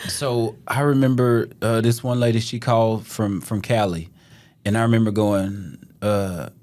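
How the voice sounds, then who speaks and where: Low-voiced man telling stories. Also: unhurried. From Texas. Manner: animated storyteller, acts out quoted dialogue. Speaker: podcast guest. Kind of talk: casual storytelling chat.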